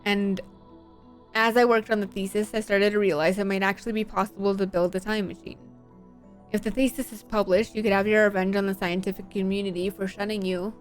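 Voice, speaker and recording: A woman's voice: medium pitch, level tone, fairly quick, faint music behind, close to an everyday voice. A woman voicing an anxious young woman scientist who speaks hesitantly, trying to placate her father. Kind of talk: voicing visual novel characters.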